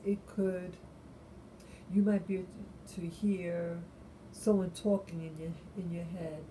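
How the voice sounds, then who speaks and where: Woman vlogger, deep mellow tone, unhurried, halting late-night monologue. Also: a little hiss or hum, low-quality recording. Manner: halting and musing, many restarts.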